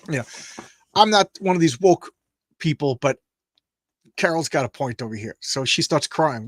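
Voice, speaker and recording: A man casually reading a comic aloud and commenting on it, halting and rambling with many restarts, lifting his voice a little for speech balloons. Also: on the high side, lively intonation, no room sound. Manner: reads speech balloons aloud in a lightly raised voice. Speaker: comic book show host.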